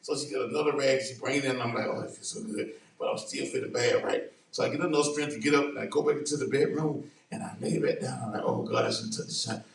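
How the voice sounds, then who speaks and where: A man on a church talk show spins a lively, dramatic story and keeps laughing his way through it. His voice sits at an average pitch. It reaches the mic from a distance and rings in a roomy space. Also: quick pace, vocal fry, few pauses. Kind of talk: animated storytelling in casual chat.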